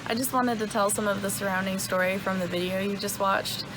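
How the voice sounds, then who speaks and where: A young woman casually retelling a story, relaxed and dotted with ums and uhs. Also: mid-range voice, fairly quick, over loud music, rough recording. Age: young adult. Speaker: hunter telling her story.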